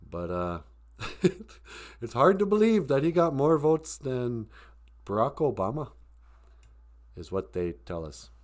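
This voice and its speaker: A man's voice: medium pitch, sing-song, takes it slowly, pauses often. A man hosting a casual livestream, joking and laughing often. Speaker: livestream host and comic author.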